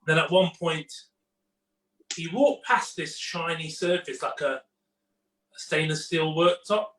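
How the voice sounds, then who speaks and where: A man's voice: on the high side, measured pace, a little hiss or hum. A man, a chef, telling an anecdote on a video call, acting out the quotes and laughing through it. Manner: animated, acts out quotes, laughs through the punchline. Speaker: guest chef. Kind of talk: casual storytelling on a video call. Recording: echoey room, far from the mic.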